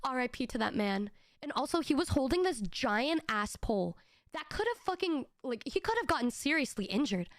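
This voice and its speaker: A young adult woman streamer telling a casual story, animated and laughing, with lots of swearing and stammered restarts. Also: high-pitched, moderate pace, dry recording, clean studio sound. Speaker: VTuber streamer.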